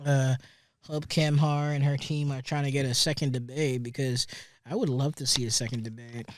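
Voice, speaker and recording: A man's voice: medium pitch, level tone, moderate pace, no room sound. A young man hosting a solo podcast, rambling through casual commentary with lots of swearing and sarcastic asides, recorded in a studio. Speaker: podcast host.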